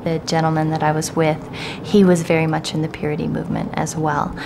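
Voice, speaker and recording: A woman in her twenties giving a candid documentary interview, soft-spoken and hesitant, with many pauses and fillers. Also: deep voice, completely flat delivery, creaky, background noise.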